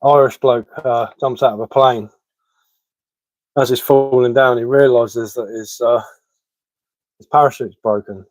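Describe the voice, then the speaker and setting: Streamer, casual joke-teller, mid-pitched, dry close sound, chuckles at own gags. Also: male voice, steady tone, a little slow, pauses often, dry recording. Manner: chuckles at his own dad jokes. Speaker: bushcraft live-streamer. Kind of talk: casual live-stream chat telling jokes. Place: living room at home.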